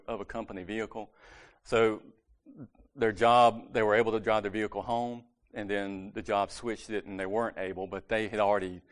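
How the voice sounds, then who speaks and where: A man leads a church meeting in a relaxed, conversational sermon. He talks like he's chatting with the congregation, catches his own slips and corrects them, and drops in the odd light joke. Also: fairly low pitch. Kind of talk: casual sermon.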